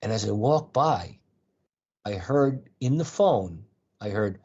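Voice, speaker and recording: A man's voice: on the low side, expressive, slow, a little mellow, breathy edge, dull audio. A middle-aged man on a call-in show, telling a long personal story in an earnest, rambling way full of restarts and fillers. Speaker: call-in guest. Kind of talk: storytelling in conversation.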